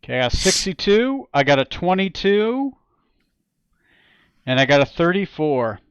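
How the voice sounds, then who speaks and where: Hesitant game master on a muffled call. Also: male voice, sits high, sing-song, unhurried, clean tone, no room sound. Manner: hesitant, full of fillers. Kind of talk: running a tabletop game online.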